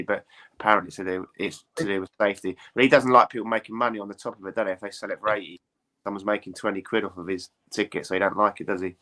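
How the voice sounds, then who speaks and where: A man in casual football chat, talking in a chatty, opinionated way. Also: lowish voice. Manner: chatty, animated, quick to opinion.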